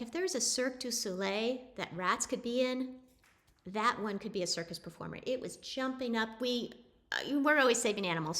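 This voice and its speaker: A middle-aged woman telling an animal story in a casual, animated way, often restarting her sentences. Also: mid-range voice. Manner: chatty, animated, with frequent restarts.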